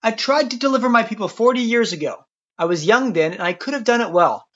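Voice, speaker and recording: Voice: medium pitch, expressive, a bit bright, pitched above the performer's own voice. A podcast narrator voicing an anxious, doubtful old male prophet who protests and panics, on a dull lo-fi recording. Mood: protesting. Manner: fretful, protesting, quick to panic. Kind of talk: storytelling podcast.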